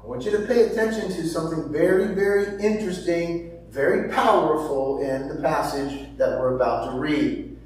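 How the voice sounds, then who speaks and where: A male pastor delivers a sermon in a fairly high voice, leaning hard on key words and then dropping to near-whispers. He poses rhetorical questions as he reads scripture. He sounds distant from the microphone, in a hall with heavy, lingering echo. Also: moderate pace. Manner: emphatic, swings between loud stresses and hushed asides. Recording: very echoey hall from far off.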